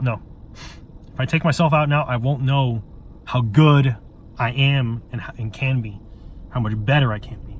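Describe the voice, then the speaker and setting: A man's voice: mid-range voice, moderate pace, pauses often, slight background noise. Earnest, pleading man talking to camera. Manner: earnest, pleading, stumbles and repeats words; blunt, swears freely. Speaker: vlogger. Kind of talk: emotional direct-to-camera monologue.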